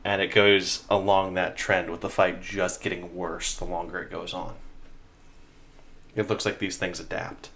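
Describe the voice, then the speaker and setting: A man narrating a tabletop game as game master, in a measured, descriptive way with many fillers. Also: low-pitched, flat delivery, a bit bright, a little hiss or hum.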